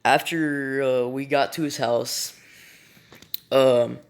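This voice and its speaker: A man's voice: mid-range voice, steady tone, slow, noisy background. A young man telling a story in a casual, rambling way, swearing often and stopping to restart his sentences. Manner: rambling, profane, full of fillers and restarts. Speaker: vlogger.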